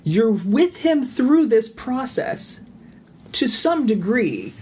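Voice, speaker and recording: Lively, empathetic male podcast host. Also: very high-pitched, takes it slowly, a little hiss or hum. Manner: empathetic, summarizing, swears casually. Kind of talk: conversational interview.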